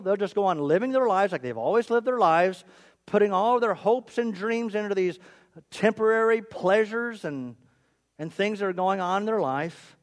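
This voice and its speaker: A pastor delivering a sermon with a high-pitched, highly expressive voice that leaps up and down. He repeats himself for emphasis and pokes fun at his own jokes. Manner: animated, repetitive, self-mocking humor.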